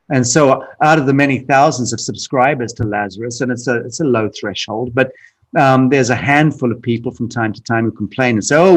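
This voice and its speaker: A man being interviewed who answers bluntly and emphatically, restarting phrases and repeating words often. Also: mid-range voice. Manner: blunt, emphatic, profane at times; frequent restarts and repetition. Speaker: podcast guest. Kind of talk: candid conversational interview.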